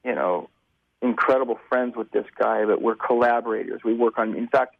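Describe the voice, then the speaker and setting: A man in his fifties, a musician guest telling stories over the phone, animated and acting out the voices of the people he quotes. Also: medium pitch, brisk, gravelly, dry recording. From United States. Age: 50s. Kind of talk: casual storytelling on a phone interview. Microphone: telephone. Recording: tinny phone line.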